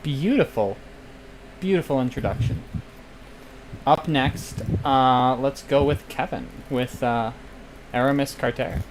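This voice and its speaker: A man's voice: medium pitch, takes it slowly, long pauses, noisy background. A man hosting and running a tabletop role-play as storyteller, easygoing and joking. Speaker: storyteller, game master. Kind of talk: casual chat hosting a tabletop game.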